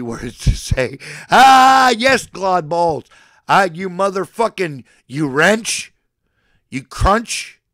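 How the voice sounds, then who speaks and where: A livestreamer in his forties rants at his chat as if preaching a mock sermon, lurching from boastful, profane threats to professions of affection. His voice is high-pitched, creaky, and a bit bright. The recording is dry and studio-clean.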